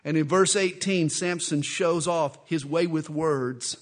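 Folksy high-voiced male preacher. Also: measured pace. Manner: folksy, joking, conversational. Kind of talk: expository sermon with humorous asides.

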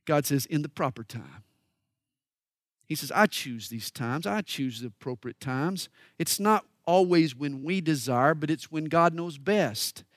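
A high-pitched man from the American South preaches with folksy emphasis. He booms through scripture readings, then drops to quiet asides. The sound is dry and close. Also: no echo. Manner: folksy, emphatic, swings between loud declaiming and quiet asides. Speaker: pastor. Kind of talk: sermon.

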